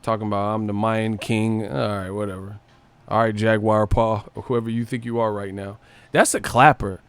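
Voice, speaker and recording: A man's voice: fairly low pitch, steady tone, moderate pace, creaky. A man hosting a boxing live stream, joking and swearing casually and mimicking other people's voices.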